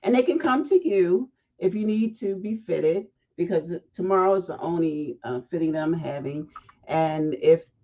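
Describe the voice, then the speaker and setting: A woman hosting a casual livestream, chatty and animated, breaking off into asides. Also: on the low side, normal speed. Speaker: fashion week organizer hosting a livestream. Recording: dull lo-fi livestream audio.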